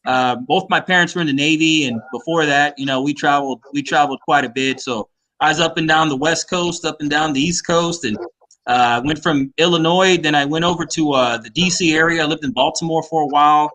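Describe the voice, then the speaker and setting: A man chatting casually as a guest, talking in a rambling, halting way. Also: a little high, bright, forceful tone, rough recording. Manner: rambling, halting, many restarts. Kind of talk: casual chat.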